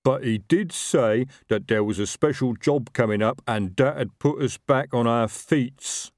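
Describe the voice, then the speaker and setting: A man voicing a slow-witted, chatty male troll worker with a rambling, working-class manner. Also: medium pitch, darkish tone, no echo, clean studio sound, lightly acted.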